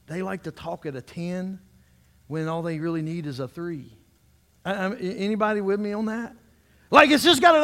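A male pastor preaching a sermon earnestly, moving between emphatic lines and hushed ones. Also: on the high side.

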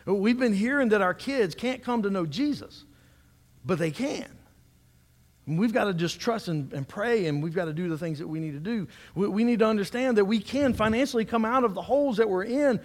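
A male pastor preaching a sermon earnestly, moving between emphatic lines and hushed ones. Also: high-pitched.

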